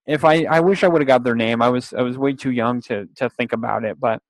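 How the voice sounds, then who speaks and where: Young guy rambling thru a story, lots of restarts, dry close mic, mid pitch. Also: a little fast, dry recording. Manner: rambling, with restarts, laughs and acted-out quotes. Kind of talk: casual storytelling.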